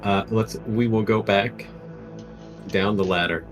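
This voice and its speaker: A man playing a character in an online tabletop game, speaking hesitantly with many pauses and restarts. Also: lowish voice, fairly even intonation, over music, rough recording. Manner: hesitant, full of ums and restarts. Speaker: player. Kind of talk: casual tabletop role-play.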